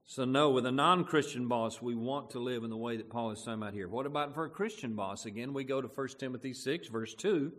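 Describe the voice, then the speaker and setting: A man with a mid-range, fairly bright voice preaches a sermon as pastor, speaking fairly quickly with few pauses. He talks conversationally and puts questions to the congregation. The recording carries a long hall reverb.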